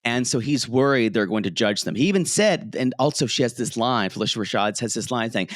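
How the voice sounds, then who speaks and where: A man co-hosting a podcast, telling a recap in an animated way. He bounces all over his pitch and slips into playful put-on voices for quotes, laughing as he goes. The sound is dry and close. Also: fairly quick, hardly any pauses, dry recording. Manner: animated storyteller, acts out quotes, laughs often. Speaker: podcast co-host. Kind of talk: casual recap chat. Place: home, street noise outside.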